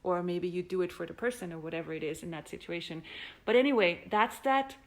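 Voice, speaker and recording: Woman, playful, animated, acts out voices, live stream from a castle suite. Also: on the low side, brisk. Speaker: host. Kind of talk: casual live-stream talk.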